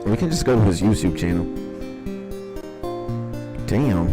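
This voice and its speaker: A young man livestreaming from his dark bedroom, chatting casually and profanely in a rambling, jokey way as he reviews listeners' beats. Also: on the low side, sing-song, measured pace, poor audio. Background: faint music.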